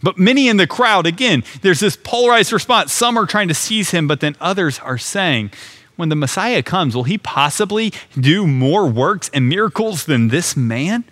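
A man with a slightly high-pitched voice preaches earnestly. He explains a scripture passage step by step and retells it in plain, conversational words. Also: animated, normal speed, fairly bright tone. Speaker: pastor. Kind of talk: sermon.

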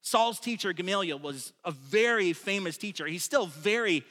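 A man preaching a sermon in a relaxed, conversational way, stressing key points and often restarting his phrases. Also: high voice, moderate pace. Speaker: pastor. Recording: long reverb of a large room.

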